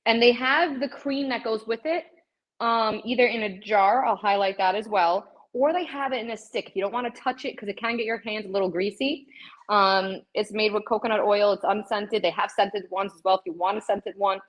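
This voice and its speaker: A woman's voice: mid-range voice, moderate pace, poor audio. Breathless woman streaming from her home gym. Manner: chatty, talks straight to viewers as "guys". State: out of breath from cardio. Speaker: livestream host showing fitness products. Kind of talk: live shopping stream chat.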